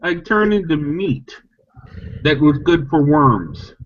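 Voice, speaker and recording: A man chatting casually on an online podcast, animated and mocking, often restarting sentences. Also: takes it slowly. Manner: animated, mocks opponents in high squeaky voices. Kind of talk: casual chat. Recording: lo-fi online call audio.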